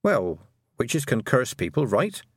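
A man's voice: medium pitch, very animated, slow pace, husky, dry recording, clean studio sound, full character voice. A man voicing an earnest, stubborn young farm girl who argues her point insistently. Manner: insistent, argumentative.

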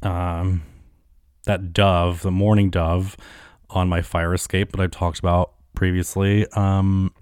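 Man, very low voice, solo podcast host, rambling, lots of fillers, dry recording. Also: level tone, slow, darkish tone, smooth, no room sound. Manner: rambling, heavy on "like" and "um", profane.

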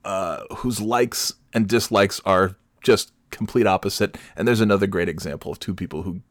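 A man's voice: deep voice, moderate pace, dry recording, clean studio sound. A middle-aged man hosting a podcast, ranting alone in a sarcastic, profane way. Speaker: podcast host. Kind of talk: solo comedic rant.

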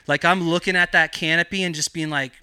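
A man on a podcast telling a story in a loose, swear-heavy ramble, stuffed with fillers, and acting out the people he quotes. His voice sits a little high for a man and sounds bright and crisp. The recording is close and dry. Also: steady tone, brisk, no room sound. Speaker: podcast guest. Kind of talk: casual storytelling chat.

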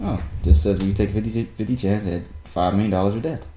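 A young man co-hosting a casual chat, loud and teasing, often laughing. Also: fairly low pitch, brisk, roomy sound, soft background music. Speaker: podcast co-host.

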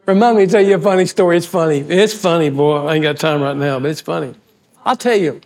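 A man preaching a sermon as pastor, telling folksy, animated stories and acting out the voices of people in them. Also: a little high, quick pace. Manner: folksy, animated storyteller who acts out quoted voices. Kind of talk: storytelling sermon.

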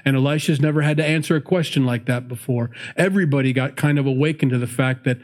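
A man's voice: mid-range voice, fast talker, darkish tone. A man teaching through a Bible passage in a conversational sermon, laughing often and acting out the people in the story. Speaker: pastor.

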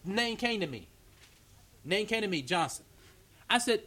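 Man, pastor, high voice, animated sermon, acts out dialogue, church meeting. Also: a little slow. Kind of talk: storytelling sermon.

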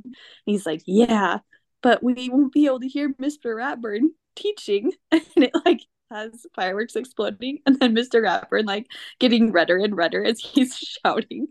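A woman's voice: fairly high pitch, darkish tone. A woman hosting a casual podcast chat, giggling often as she retells favorite cartoon scenes and mimics the characters. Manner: giggly, quotes characters in playful voices. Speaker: podcast host.

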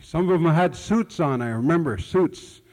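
A pastor preaches in a church hall, telling stories in a folksy, conversational way, often repeating words and using nonstandard grammar. His voice is a little high, expressive and darkish at a moderate pace, with long hall reverb.

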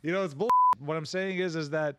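A young man with a voice a bit above the usual, co-hosting a loose podcast. He laughs often and swears freely, and acts out rough prison talk in his retellings. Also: fairly high pitch, fairly even intonation, a little fast, heavy background noise. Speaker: podcast co-host. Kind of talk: casual chat.

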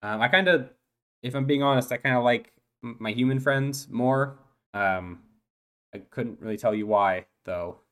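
A man's voice: mid-range voice, moderate pace, a bit bright, natural voice. A man voicing an eight-year-old uplifted dolphin boy in a tabletop role-play, talking hesitantly with lots of stammers and restarts. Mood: hesitant, nervous. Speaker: player.

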